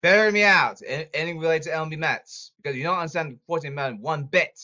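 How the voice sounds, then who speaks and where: Man, angry repetitive rant, slightly high pitch, bright tense tone. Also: quick pace, dull audio. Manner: repetitive, emphatic, angry outbursts. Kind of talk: ranting monologue.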